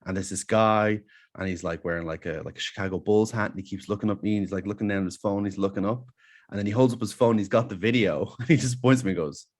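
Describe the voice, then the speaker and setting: Lower-voiced Irish comedian telling stories. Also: male voice, quick pace. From Ireland. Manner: animated anecdote-telling, lots of fillers. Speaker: comedian guest. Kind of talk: casual podcast storytelling.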